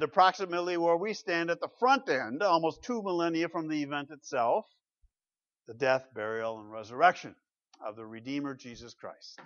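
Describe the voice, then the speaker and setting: Preacher with a dull lo-fi sound. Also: male voice, moderate pace, no room sound. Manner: swings from loud emphatic declarations to low asides; asks the congregation rhetorical questions. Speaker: pastor. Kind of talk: sermon. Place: church.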